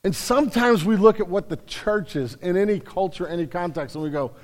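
A male pastor preaching a sermon, emphatic, swinging between loud declarations and quiet stretches. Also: high-pitched, brisk, big-room sound. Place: church sanctuary.

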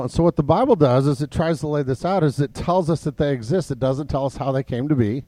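Man, pastor, high voice, dry close sound, conversational sermon, many fillers and restarts. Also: quick pace, few pauses, dark tone, no room sound.

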